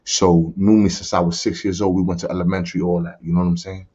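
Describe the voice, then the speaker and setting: Captured in a dull lo-fi recording, a podcast guest from the Bronx, New York, tells his life story in casual conversation as personal testimony. His low voice is a little mellow and slightly rough, with flat delivery at a quick pace, and he talks in streetwise slang, often asking "you heard?"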